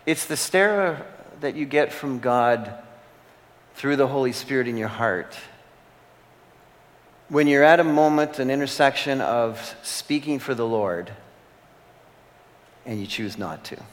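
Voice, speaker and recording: Male pastor, earnest sermon delivery with repeated phrases and weighty pauses, recorded with a long reverberant hall tail. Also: medium pitch.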